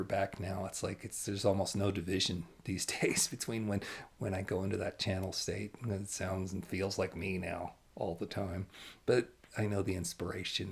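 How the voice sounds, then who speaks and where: A man giving an animated, emphatic channeled spiritual talk, now and then dropping to hushed asides. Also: fairly low pitch, gravelly, breathy edge.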